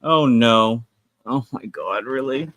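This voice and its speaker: A man hosting a casual livestream, chatting about his toys in an animated, talkative way, laughing often and swearing now and then. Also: mid-range voice, takes it slowly, a little hiss or hum. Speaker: livestream host.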